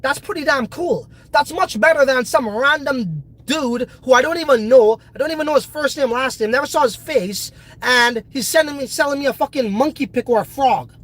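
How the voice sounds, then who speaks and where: A man's voice: very high voice, normal speed, few pauses, a bit bright, poor audio. A congested man hosting a casual crypto video, talking in a brash, profane, hyped way. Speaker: crypto project host.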